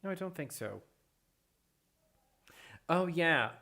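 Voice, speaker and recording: A streamer hosting a casual livestream, chatting with viewers and answering chat in an excitable way, often repeating phrases. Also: medium pitch, slow pace, creaky. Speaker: livestream host reading chat.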